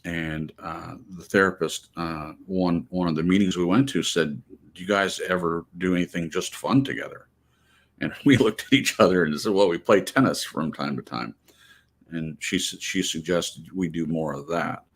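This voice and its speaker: A man sharing a personal memory in a casual, halting way, with many fillers and restarts. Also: low-pitched.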